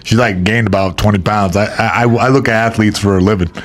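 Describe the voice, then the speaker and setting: A man's voice: on the low side, steady tone, brisk. A man co-hosting a comedy talk show, bantering casually and laughing along. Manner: laughs often, chimes in with agreement. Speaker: co-host.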